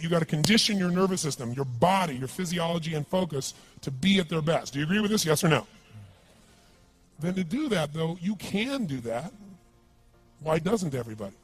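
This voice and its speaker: A man's voice: on the high side, breathy edge. A man giving an emphatic seminar talk, telling stories and quizzing his audience. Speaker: motivational speaker.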